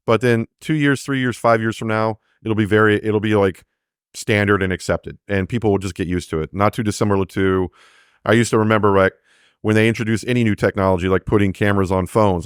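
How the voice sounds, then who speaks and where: A man's voice: lowish voice, fairly quick, clean tone, no room sound, clean studio sound. A man, an AI developer guest, explaining technology in a casual interview, acting out little quoted exchanges between fillers.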